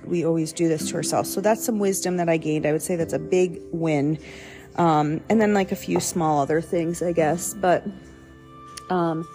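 A low-pitched young woman talks in a loose, conversational devotional style, circling back and fixing her words as she goes. Soft music plays faintly underneath her voice. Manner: rambling, self-correcting, conversational. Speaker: podcast host. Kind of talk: casual devotional talk.

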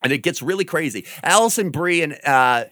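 Animated, profane man telling a story. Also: fairly high pitch, fairly quick, dry recording, clean studio sound. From New England. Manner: animated, profane, breaks into loud impressions. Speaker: guest. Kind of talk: casual storytelling.

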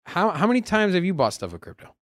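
A man co-hosting a casual podcast, talking in an animated way with many halting restarts. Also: sits high, dry recording, clean studio sound. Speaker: podcast co-host.

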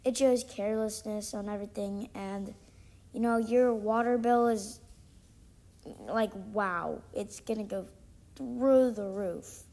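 A woman's voice: medium pitch, fairly even intonation, a little slow, darkish tone. A woman hosting a casual solo podcast, chatting in an exasperated way full of ums and likes. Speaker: podcast host; student.

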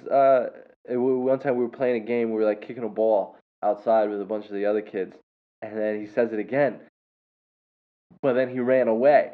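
A man hosting a show and telling a story in a casual, rambling way, with many fillers and self-corrections. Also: lowish voice. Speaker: podcast host and English teacher. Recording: tinny phone-like sound.

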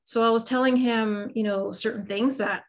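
A woman's voice: fairly high pitch, steady tone, moderate pace. A middle-aged woman, a guest on an interview, chatting about her life in a casual, self-deprecating way with lots of fillers. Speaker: guest, psychic medium and Reiki master.

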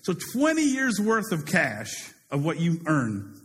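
A man preaching a sermon in a casual, animated way, paraphrasing a story and acting out its characters. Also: a little high, measured pace, long reverb tail.

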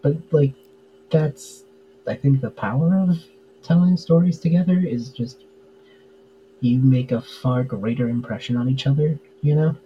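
A man's voice: mid-range voice, a little slow, dull audio, a little hiss or hum. A man chatting casually as a podcast guest, full of fillers and easy laughs. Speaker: podcast guest, tabletop game player. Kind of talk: casual interview chat.

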